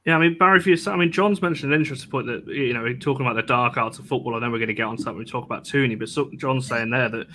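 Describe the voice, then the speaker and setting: A man hosting a fan review show, asking questions quickly and laughing easily. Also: mid-range voice, bright, forceful tone, a little hiss or hum. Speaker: show host. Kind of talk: casual football discussion.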